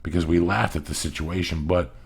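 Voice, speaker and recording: A middle-aged man speaks a little fast in a low, steady, husky voice with vocal fry. He hosts a podcast, telling rambling stories in relaxed chat while cursing nonstop and leaning hard on his points.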